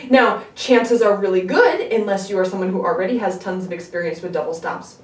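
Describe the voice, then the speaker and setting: A woman giving a step-by-step music lesson, patient, often pausing to check that the learner is following. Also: mid-range voice. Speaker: string teacher. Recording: echoey room, distant mic. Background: her own instrument playing between phrases.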